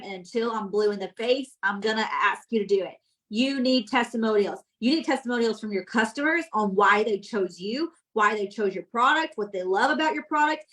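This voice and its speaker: A woman's voice: a little high, poor audio. A woman coaching her sales team with energy, repeating points and checking that everyone follows. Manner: energetic, repeats points, asks "does that make sense?". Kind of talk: teaching sales tips to a team.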